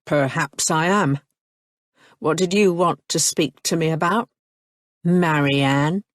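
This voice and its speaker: A woman's voice: low voice, takes it slowly, no echo, studio quality. A woman voicing a curt, suspicious young nobleman with a clipped, growling manner. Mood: cold.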